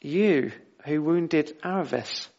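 A bewildered young orphan boy asks anxious questions in a storybook scene, as a preacher reads him aloud. The voice is a little high for a man. The recording sounds muffled and lo-fi. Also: slow, darkish tone. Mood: puzzled. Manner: read aloud from a book.

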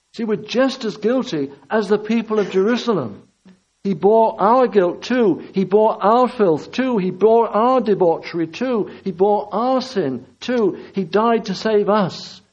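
A man's voice: sits high, a little mellow. A man preaching a sermon with impassioned, repetitive emphasis. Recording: dull lo-fi recording.

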